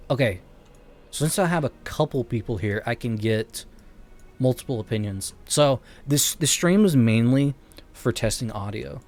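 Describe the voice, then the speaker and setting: A man in his late twenties streams from his bedroom, talking casually into a gated streaming mic. His voice sits at an ordinary, middle pitch. He rambles from thought to thought, chuckling often and interrupting himself. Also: a little mellow. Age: late 20s. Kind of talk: casual live-stream chat while gaming. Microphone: streaming mic with noise gate.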